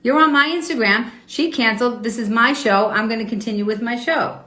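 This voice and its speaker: A woman's voice: a little high, brisk, pushed and bright. A woman hosting a live online talk show, arguing with her viewers in a confrontational, profane, indignant way. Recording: roomy echo.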